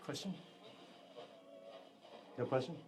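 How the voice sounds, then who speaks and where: A man, a psychic medium, leading a live ghost box session with a group indoors, chatty and quick to laugh as he relays answers. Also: a little mellow, faint music behind. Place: indoors in a historic house with a group.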